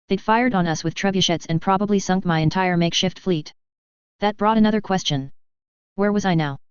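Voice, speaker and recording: A narrator reading a first-person story in a measured, steady way. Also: medium pitch, clear, resonant tone, no echo. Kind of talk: first-person audiobook narration of fan fiction. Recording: dry, slightly dull.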